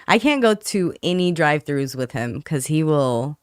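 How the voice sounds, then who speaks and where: Woman guest on a podcast, talks soft with lots of ums, very clear voice. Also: deep voice, expressive, no echo, clean studio sound. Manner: soft-spoken, quick to laugh, hesitant with many ums. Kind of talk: casual interview, personal testimony.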